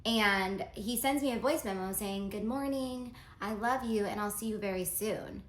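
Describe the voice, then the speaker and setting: A woman's voice: mid-range voice, normal speed, reverberant, slight background noise. A woman casually telling a dramatic personal story, acting out the texts and lines she quotes.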